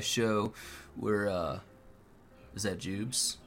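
A man's voice: lowish voice, animated, normal speed, sharp tone. A man hosting a casual podcast from his computer, laid-back and swearing a lot, laughing often. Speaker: podcast host. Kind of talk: casual stoned podcast chat.

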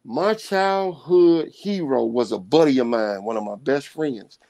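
Animated man telling a story. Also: medium pitch, a little slow, no echo. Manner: animated street slang, scatting sound effects. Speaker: podcast guest. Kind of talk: casual storytelling.

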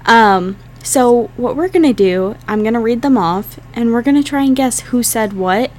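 A woman's voice: a little high, normal speed, darkish tone, a little hiss or hum. Laughing young woman podcast co-host. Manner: laughing, profane, storytelling. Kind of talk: casual chat.

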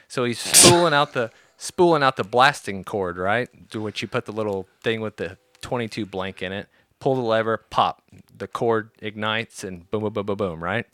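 A profane man with a bright voice. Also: lowish voice, moderate pace, no echo, studio quality. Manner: profane, animated storyteller. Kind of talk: casual storytelling.

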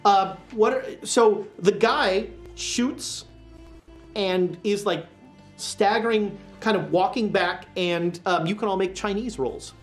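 A woman as game master, narrating a tabletop horror game in a relaxed, rambling way with many fillers. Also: medium pitch, slow, soft background music. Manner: relaxed, filler-heavy storytelling.

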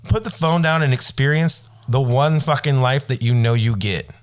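A man's voice: medium pitch, moderate pace. A man co-hosting a podcast, talking in an emphatic, earnest way with plenty of swearing. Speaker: podcast co-host. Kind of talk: casual chat.

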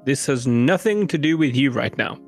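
A man's voice: medium pitch, lively intonation, moderate pace, faint music behind. A man playing a murder mystery game, questioning the others in a probing way with hesitant restarts. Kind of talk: murder mystery role-play.

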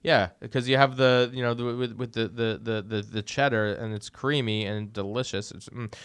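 A man co-hosting a podcast in loose, joking conversation. His voice is smooth and clear, recorded dry and close to the mic. He rambles, repeating words as he goes. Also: medium pitch, steady tone, moderate pace, a bit bright, no room sound. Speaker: podcast co-host. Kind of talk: casual chat.

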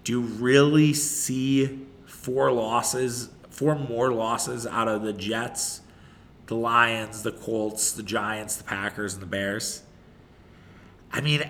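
A man with a bright, forceful voice hosts a casual sports talk show on his own. He rambles through his opinions, stumbles and restarts sentences, and swears offhandedly. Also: on the low side, a little hiss or hum. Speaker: sports podcast host.

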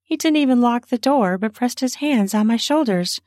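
A woman narrating an erotic story in the first person, soft and breathy, sometimes dropping to a whisper. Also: a little high, lively intonation, moderate pace, no room sound, clean studio sound.

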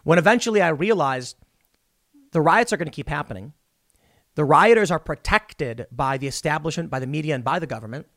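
Recorded dry in a clean studio, this man's voice sits on the high side and is expressive, fairly quick and a bit bright. As a political commentator, he delivers a blunt monologue directly to his audience, offering his own opinion and acting out dialogue while recounting events.

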